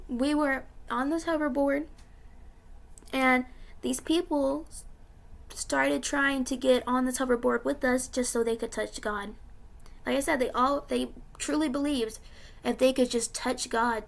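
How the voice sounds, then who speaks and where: A woman's voice: high voice, steady tone, a little slow, vocal fry. A young woman vlogger telling about a dream in a casual, rambling way, full of fillers, tearful and emotional.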